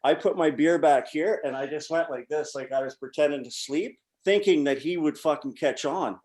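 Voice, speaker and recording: A man's voice: fairly high pitch, normal speed, a little mellow. A man in his forties, a former pro hockey player, telling rambling, profane anecdotes as a podcast guest. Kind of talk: casual storytelling.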